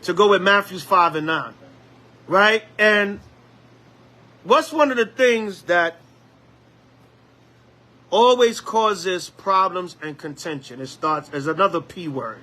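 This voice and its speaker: A man preaching a Bible lesson as an elder, lively, with call-and-response and acted-out quotes. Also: high voice, slow, long pauses.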